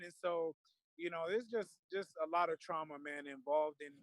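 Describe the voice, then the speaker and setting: A man talks with a high voice, earnest and openly emotional, with loose fillers and restarts. The sound is dry and close, with no room around it. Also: normal speed, no room sound, poor audio. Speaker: guest. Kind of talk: casual discussion.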